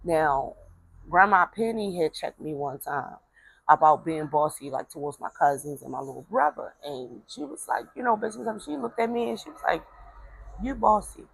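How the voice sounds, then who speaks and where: A woman's voice: on the low side, animated, normal speed, gravelly, breathy edge, dry recording, rough recording. A woman speaking, telling a family story in casual talk, rambling with repeated words and fillers and acting out relatives' voices. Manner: acts out voices of relatives in quotes.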